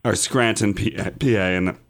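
A man's voice: fairly low pitch, moderate pace, a bit bright. A man hosting a podcast, chatting casually and teasingly correcting the others. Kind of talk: casual chat.

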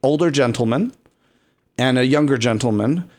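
A man's voice: medium pitch, normal speed, darkish tone. A man co-hosting a podcast in campy, playful casual chat, laughing often. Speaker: podcast co-host.

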